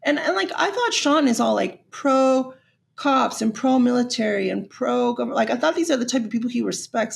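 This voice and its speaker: Chatty young woman with vocal fry. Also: on the high side, a little fast. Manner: chatty, gossipy, swears freely. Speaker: podcast host. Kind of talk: casual podcast monologue.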